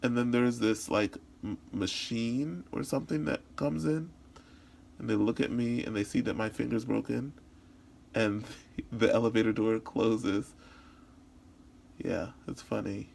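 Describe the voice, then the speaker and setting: Creaky-voiced man voicing a story. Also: mid-range voice, a little mellow, slight background noise. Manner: halting, with frequent restarts and repetitions. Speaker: voice interpreter practicing. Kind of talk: voicing a signed personal story in first person.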